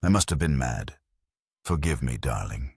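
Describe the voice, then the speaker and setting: An earnest young husband speaks with worried affection, voiced by a male narrator. The voice is very deep and husky, and it is recorded dry. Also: expressive, normal speed, dry recording, exaggerated voice. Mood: remorseful.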